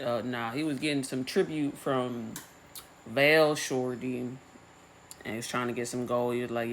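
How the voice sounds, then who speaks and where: A young woman with a remarkably deep voice rambles through a TV episode recap, slangy and swearing in a deadpan way. A faint hum of ambience sits under her casual talk. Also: normal speed.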